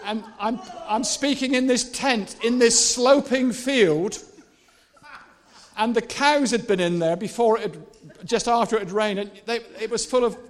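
A male preacher giving a lively, animated sermon, swinging between soft, personal asides and repeated, shouted rallying cries. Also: extremely high pitch, a little slow. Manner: animated, shouting and laughing with the crowd.

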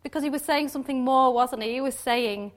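A woman's voice: high voice, a little fast. Chatty woman giving a devotional talk. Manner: chatty, laughs often, many tag questions. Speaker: Bible teacher.

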